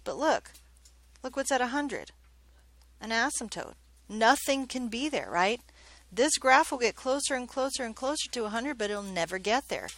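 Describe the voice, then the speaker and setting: A woman's voice: fairly high pitch, fairly bright tone, dry recording. A woman math teacher giving a classroom lesson, chatty and joking, often checking in with questions.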